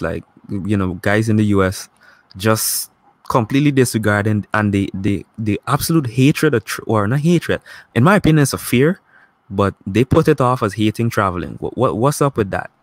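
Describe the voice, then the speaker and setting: A man's voice: on the low side, normal speed, dry recording. Man hosting, dry close sound. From Caribbean. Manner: animated, stumbles over starts. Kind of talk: casual podcast chat.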